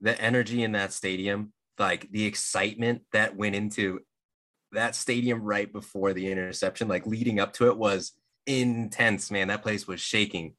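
A man's voice: lowish voice, fairly even intonation, normal speed, a bit bright. A man co-hosting a casual sports talk show in an easygoing way, with hesitant starts. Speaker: podcast co-host.

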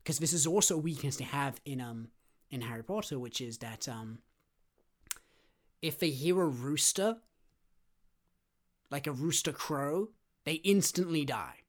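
A man co-hosting a casual podcast chat, excitable and rambling, full of fillers. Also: a little high, measured pace, pauses often. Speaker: podcast co-host.

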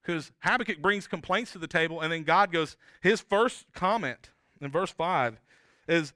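A man's voice: a little high, normal speed, pushed and bright, no room sound, clean studio sound. A man preaching a sermon as pastor, talking in an earnest, conversational way with frequent restarts and tag questions.

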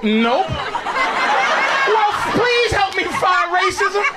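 A man doing a stand-up routine, ranting loudly and swearing, played from a live club recording. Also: very high-pitched, sing-song, drawn-out words. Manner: loud, ranting, swearing delivery. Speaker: stand-up comedian. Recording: live club clip with loud crowd laughter and noise. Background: audience laughing.

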